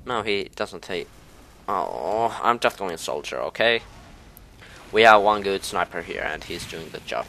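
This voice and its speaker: A man casually commentating his own gameplay, muttering low asides and then yelping in panic, his voice a little low from being sick. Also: animated, a little slow, vocal fry, pushed and bright, a little hiss or hum. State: slightly sick, voice a bit low. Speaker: gamer.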